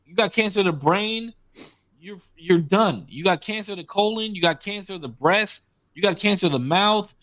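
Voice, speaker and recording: A man's voice: high voice, animated, normal speed, a bit bright, dry recording. A man co-hosting a podcast in casual chat, blunt and profane, talking with emphasis. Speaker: podcast co-host.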